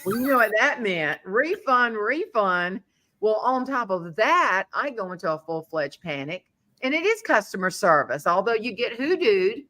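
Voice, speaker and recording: A woman hosting a relaxed interview chat, telling lively stories. Her voice is bright and forward. She slips into other people's voices as she goes. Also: mid-range voice, moderate pace. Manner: animated storyteller, acting out voices. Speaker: podcast host.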